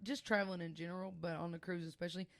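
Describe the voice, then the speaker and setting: A woman's voice: fairly low pitch, rapid-fire, no room sound. Chatty young woman, laughing storyteller. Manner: animated storyteller, laughs often. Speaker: podcast co-host. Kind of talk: casual chat.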